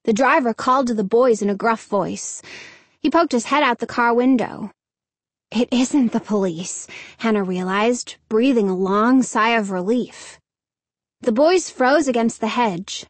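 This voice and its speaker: A woman narrating a children's novel in a measured storytelling delivery. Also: on the high side, no room sound. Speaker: audiobook narrator. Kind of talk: scripted narration.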